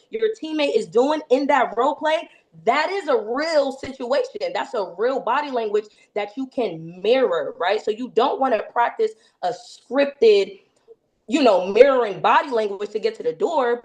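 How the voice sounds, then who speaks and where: A woman running a sales team training, talking energetically and checking in with frequent tag questions. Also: fairly high pitch.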